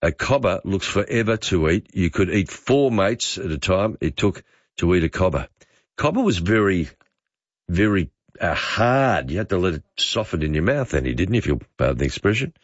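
A man's voice: low voice, big pitch swings, normal speed, no echo, highs cut off. A man hosting a talkback radio show, encouraging his callers. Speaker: radio host.

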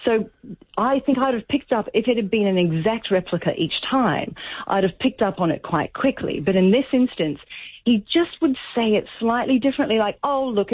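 A woman calls in to a radio talk show. She tells her story in a chatty way and acts out the dialogue. Her voice is slightly husky and comes through a tinny, dry phone line. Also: medium pitch, no room sound. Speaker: caller.

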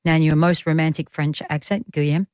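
A woman hosting a radio show in a studio, bubbly and quick to laugh, reading passages with playful drama. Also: low voice, steady tone. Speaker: radio host. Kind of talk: lively radio chat. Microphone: studio microphone.

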